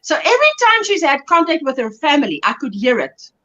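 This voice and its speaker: A woman's voice: high-pitched, sing-song, a little fast, pushed and bright, dull audio. A middle-aged South African woman hosting a livestream, chatty and laughing as she reads out viewer comments. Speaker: livestream host. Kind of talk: casual chat while crafting.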